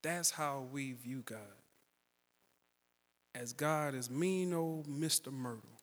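A man preaching a sermon, telling a story in an animated way and building louder and higher toward the peaks. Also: takes it slowly, long reverb tail.

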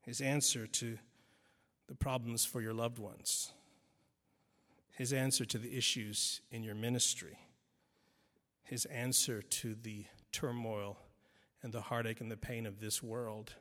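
A man's voice: mid-range voice, steady tone, a little slow, long pauses, fairly bright tone. A male preacher giving an emphatic sermon, driving points home by repetition and adding wry asides. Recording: long reverb in a large hall.

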